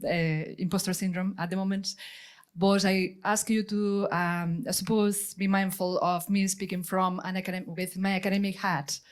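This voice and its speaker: A woman with a Spanish accent giving a short conference talk as a lecturer. She often hesitates and restarts, with self-deprecating humor. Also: mid-range voice. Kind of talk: lightning talk. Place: conference room.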